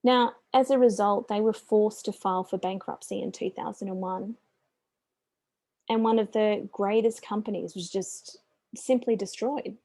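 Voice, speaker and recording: A woman's voice: mid-range voice, fairly even intonation, normal speed, mellow, dry recording. A middle-aged Australian woman giving a business presentation as a small business coach, chatty and upbeat with friendly asides.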